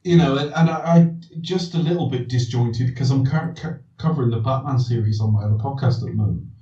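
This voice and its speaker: A man hosts a casual film podcast, thinking aloud and answering his own questions. His voice is warm and mellow. It sounds distant and echoey, with a dull, lo-fi tone. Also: mid-range voice, brisk. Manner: rambling, restarts sentences, asks himself questions. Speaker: podcast host. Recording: distant roomy dull recording.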